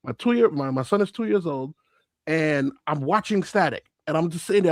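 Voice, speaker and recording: A man in his thirties co-hosting a casual podcast chat, talking in an excitable, joking way and telling stories. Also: a little high, a little fast, no room sound. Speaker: podcast co-host.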